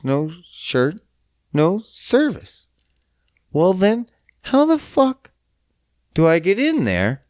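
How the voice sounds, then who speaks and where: A man's voice: a little high, no room sound, clean studio sound. A young man from Canada hosting a podcast, ranting in a profane, exasperated and mocking way. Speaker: podcast host. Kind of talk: casual solo rant.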